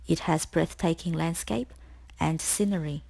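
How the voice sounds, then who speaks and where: A woman tutor reading a scripted spelling lesson, explaining each word slowly and clearly. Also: deep voice, warm tone. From Australia. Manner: slow, clear, deliberate explanations.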